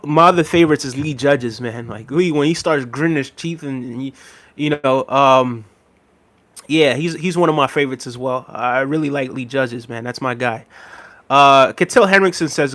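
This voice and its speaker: A man's voice: mid-range voice, normal speed, fairly bright tone. A man chatting casually on a live stream, reading out chat messages, repeating himself and laughing often.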